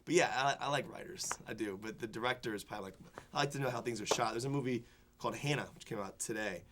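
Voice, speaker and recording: A young man, a film critic, telling an animated story in a studio interview, full of fillers and restarts. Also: medium pitch, fast, noisy background. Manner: excited, rambling anecdotes full of fillers and restarts. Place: television studio before a student audience.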